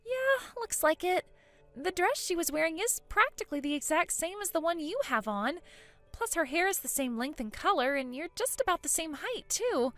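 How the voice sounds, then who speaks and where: A woman voicing an excited, chatty teenage granddaughter in a storybook tale, eager and gossipy, with faint music behind. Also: extremely high pitch, normal speed, no room sound, full character voice.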